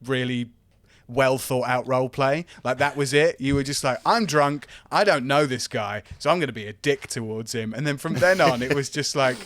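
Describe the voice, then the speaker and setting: A man's voice: medium pitch, moderate pace, fairly bright tone, no room sound. A man, the game master, chatting casually and rambling a bit as he looks back on the game. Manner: rambling, reflective, with filler words. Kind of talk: casual podcast chat.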